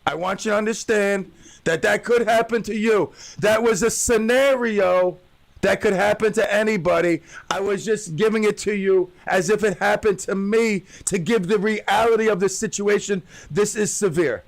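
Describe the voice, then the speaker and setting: A man's voice: high voice, normal speed, creaky. A man hosting his own radio talk show alone, joking and rambling with playful tall tales.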